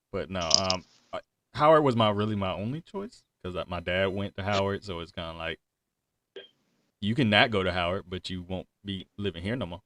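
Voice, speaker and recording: A man's voice: on the low side, noisy background. A young man hosting a casual podcast chat, talking loosely and laughing often. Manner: laughs a lot, loose and chatty. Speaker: podcast host.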